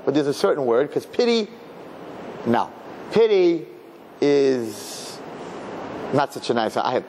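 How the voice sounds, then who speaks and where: Man, rabbi, animated Torah class, mimics people's voices, faint hiss. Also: fairly quick, long pauses. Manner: animated, acts out people with high voices, Yiddish and Hebrew words. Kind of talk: lively Torah lecture.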